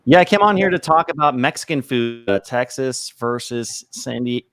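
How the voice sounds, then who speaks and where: A man's voice: medium pitch, animated, moderate pace, a bit bright, clean tone, no echo. A man who is a realtor, guest on a casual livestream, talking in an easygoing, upbeat way.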